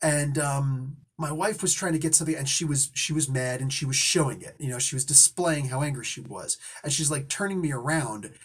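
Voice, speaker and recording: Husky man telling a story, indignant. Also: medium pitch, brisk, hardly any pauses. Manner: rambling, indignant. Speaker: host. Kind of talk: casual storytelling.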